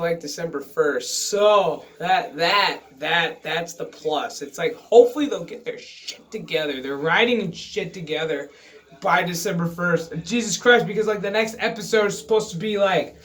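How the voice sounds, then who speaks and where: A man's voice: high-pitched, a bit bright. A man vlogging a casual, profane review of a TV episode, exasperated and swearing freely.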